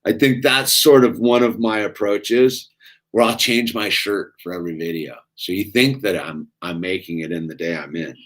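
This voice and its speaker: Mellow low-voiced cali dude, middle-aged, chatty and rambling. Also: male voice, moderate pace. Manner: laid-back, rambling, says "dude" a lot. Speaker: vlogger. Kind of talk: casual chat while building Legos.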